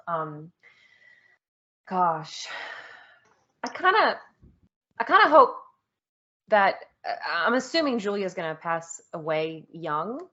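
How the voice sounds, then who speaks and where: A chatty woman gives her thoughts in a casual podcast discussion, laughing often and pausing on um. Her voice sits a little low for a woman. The audio is dull and muffled. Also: bright, forceful tone. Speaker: podcast panelist.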